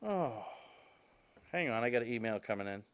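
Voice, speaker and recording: A man's voice: lowish voice, racing, a bit bright, clean tone. A man hosting a talk show, delivering an opinionated monologue straight to his viewers and repeating his points for emphasis.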